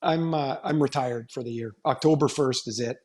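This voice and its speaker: A man co-hosting a sports podcast, bantering in a relaxed, halting way. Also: mid-range voice. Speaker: podcast co-host. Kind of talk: casual sports podcast chat.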